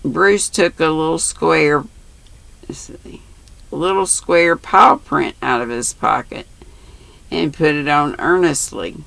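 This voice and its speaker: Gravelly grandmother reading aloud slowly. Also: sits low, fairly bright tone, no room sound, poor audio. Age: older. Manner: unhurried reading with restarts and asides. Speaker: audiobook reader.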